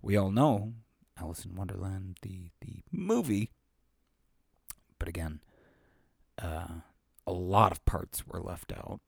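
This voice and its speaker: Amateur male reader, casual chat, unhurried and rambling, dry close sound. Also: deep voice, expressive, creaky, slightly rough, no echo. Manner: rambling, self-deprecating, with frequent fillers. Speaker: amateur reader of children's stories. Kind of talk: casual chat after a reading.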